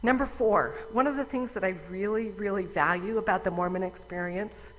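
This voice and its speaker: A woman's voice: mid-range voice, fairly even intonation, moderate pace. A woman giving a conversational, wry personal talk to a conference audience. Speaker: conference speaker. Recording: long reverb of a large hall.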